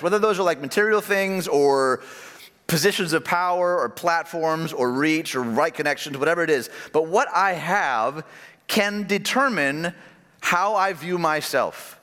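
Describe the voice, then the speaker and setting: A man's voice: a little high, fairly bright tone. Conversational male pastor in a reverberant hall. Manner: conversational preaching with asides and questions to the congregation. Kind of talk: sermon.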